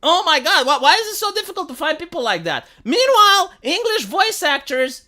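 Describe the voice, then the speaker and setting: Profane, exasperated woman streamer. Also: very high voice. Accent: Montreal. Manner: profane, exasperated, fast and animated. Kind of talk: casual live-stream rant.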